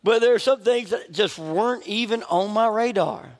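A middle-aged man preaches a sermon at normal speed in a high-pitched voice. Casual in manner, he jokes and laughs at himself, and the recording carries the long reverb of a large church sanctuary.

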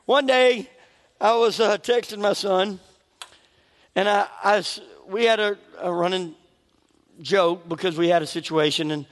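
A middle-aged man gives a sermon in a church sanctuary, his high-pitched voice moving a little slowly with frequent pauses. He jokes at his own expense and laughs at himself in a conversational way, heard through the long reverb of a big hall.

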